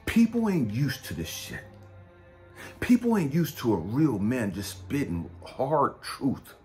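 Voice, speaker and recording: A man preaching a blunt, profane street-style sermon, dropping to low mutters and rising to shouts. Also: sing-song, takes it slowly, faint music behind. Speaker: spiritual coach and speaker.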